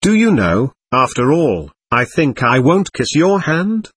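A man voicing a sly, coquettish young woman who speaks in a soft, even, sugary drawl in an audiobook reading. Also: mid-range voice, unhurried, husky, no room sound, heavily acted. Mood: mocking.

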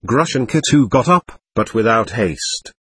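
A man narrating a classic novel as an audiobook, measured and expressive. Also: mid-range voice, husky, dry recording. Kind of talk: scripted literary narration.

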